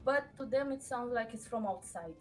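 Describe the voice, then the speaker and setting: A woman playing in an online tabletop game, arguing her case quickly with restarts. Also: on the high side, lively intonation, faint music behind. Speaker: player. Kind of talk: casual game chat.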